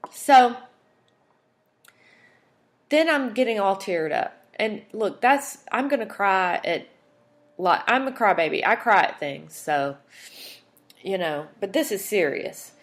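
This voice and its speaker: A woman's voice: medium pitch, expressive, slow pace, long pauses. A woman hosting a podcast, telling a personal story in a candid, emotional, chatty way. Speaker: podcast host.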